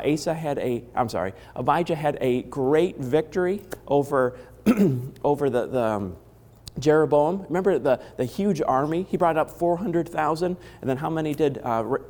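A man preaches in a relaxed, conversational way, his voice hoarse from a cold. He keeps stopping to ask his listeners questions. His words ring out with a long echo through a large hall. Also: a little high. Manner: conversational, asks the congregation questions. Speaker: pastor. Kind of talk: sermon.

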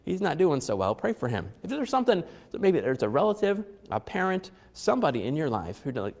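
A man's voice: on the high side, wildly swooping pitch, fairly quick, gravelly, few pauses, darkish tone, in a large hall. A man preaching a conversational sermon, repeating phrases for emphasis and chuckling now and then.

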